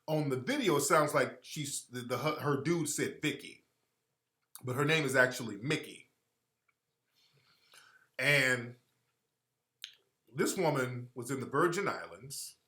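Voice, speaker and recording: Brief: male radio host, sharp and bright tone, with animated storytelling and a lively pitch. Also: unhurried, long pauses. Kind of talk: casual storytelling talk show. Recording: roomy echo.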